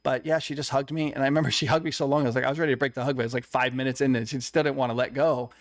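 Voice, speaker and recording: A young man, the co-host, shares a personal story in conversation, earnest and confessional, acting out what other people said. His medium-pitched voice holds a steady tone at a racing pace. The recording is dry and studio quality.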